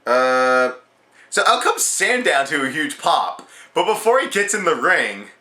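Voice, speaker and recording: A young man from Canada, giving an excitable, profane, rambling review of a wrestling show. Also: fairly high pitch, a little slow, roomy sound. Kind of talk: casual video review.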